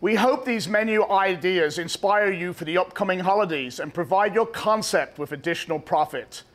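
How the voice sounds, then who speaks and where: Male chef host, effusive and admiring, pitched a bit high. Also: normal speed, a bit bright. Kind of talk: presenting a cooking show.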